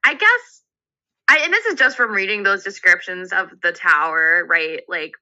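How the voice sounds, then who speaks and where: A woman co-hosting a podcast, reading a passage aloud and then thinking out loud tentatively, with many "like"s. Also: medium pitch, lively intonation, moderate pace, muffled recording. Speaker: podcast co-host. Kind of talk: reading aloud and casual discussion.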